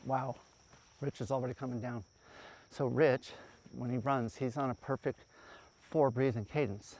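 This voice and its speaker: A man coaching runners outdoors as he runs with them, encouraging them and counting their steps aloud in quiet bursts. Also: medium pitch, fairly even intonation, moderate pace, pauses often. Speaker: running coach. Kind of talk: on-the-run coaching. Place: outdoors on a hilly running route.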